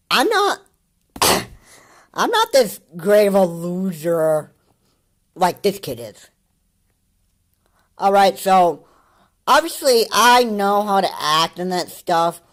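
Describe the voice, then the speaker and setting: A man's voice: high voice, lively intonation, slow, long pauses, fairly bright tone. A man giving casual, mocking commentary on a video, rambling with many fillers and restarts and laughing often.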